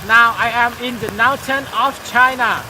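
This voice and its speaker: A Lao-accented man reports mock weather in slow, halting learner English. His high voice stays flat and level, with loud rain and traffic noise behind him. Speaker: weather presenter. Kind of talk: student role-play weather report.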